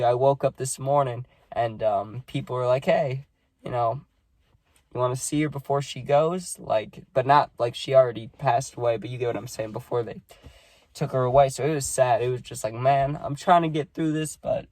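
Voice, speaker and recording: A man's voice: medium pitch, a little mellow, no room sound. A man talking casually and sadly in a vlog, rambling with many fillers. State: sad, subdued. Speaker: vlogger.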